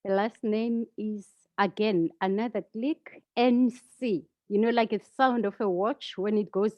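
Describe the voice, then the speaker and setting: A South African woman speaks over a video call, taking her time as she explains sounds step by step. Her voice comes through dry and a little dull. Her pitch sits in the middle range for a woman. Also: no echo. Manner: patient, teaching pronunciation step by step. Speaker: guest, founder. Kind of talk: casual video call conversation.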